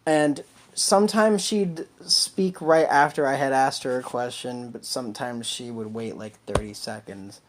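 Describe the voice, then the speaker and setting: A man's voice: medium pitch, measured pace, slight background noise. A man co-hosting a casual podcast, telling a long story with plenty of fillers and restarts. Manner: rambling, filler-heavy storytelling. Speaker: podcast co-host.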